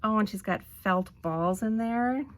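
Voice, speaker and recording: Slow-talking woman gushing over crafts. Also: medium pitch. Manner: gushing, delighted, lots of ums. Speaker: crafting vlogger. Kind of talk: casual unboxing narration.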